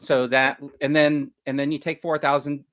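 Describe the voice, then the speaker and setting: A man's voice: fairly high pitch, little pitch movement, moderate pace, a bit bright, no room sound, clean studio sound. A man co-hosting a casual panel podcast, rambling as he works numbers out aloud and laughing often. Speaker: podcast co-host.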